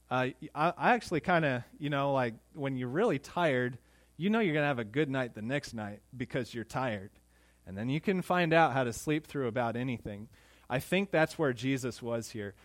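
A man's voice: a little high, no echo. A young adult man preaching a sermon in a conversational way, with joking asides and acted-out pleas from the disciples. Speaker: pastor.

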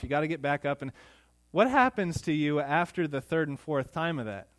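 A man's voice: a little high, no room sound. A young adult man preaching a sermon in a conversational way, with joking asides and acted-out pleas from the disciples. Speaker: pastor.

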